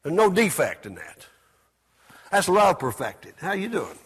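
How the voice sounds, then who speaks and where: Male preacher, high voice, call-and-response sermon, loud outbursts and quiet asides. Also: wildly swooping pitch, measured pace, breathy edge. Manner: call-and-response preaching, asks the congregation to repeat words; swings between loud exclamations and soft asides.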